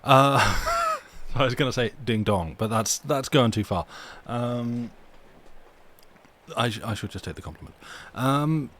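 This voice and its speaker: A man's voice: mid-range voice, measured pace, a bit bright. A man chatting casually with his live-stream audience, rambling and restarting his sentences between readings. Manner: rambling, self-interrupting, chuckling asides. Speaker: streamer reading stories aloud.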